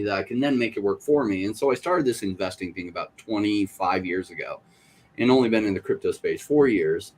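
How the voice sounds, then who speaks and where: Animated middle-aged man, low voice. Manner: animated storyteller acting out other people's lines in quoted voices. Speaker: podcast panelist. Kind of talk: casual podcast chat.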